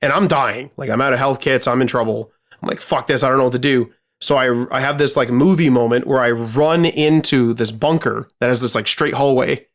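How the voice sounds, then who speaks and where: A man's voice: medium pitch, moderate pace, hardly any pauses. A man co-hosting a podcast, telling a gaming story in casual chat, swearing freely and rambling with lots of fillers. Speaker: podcast co-host.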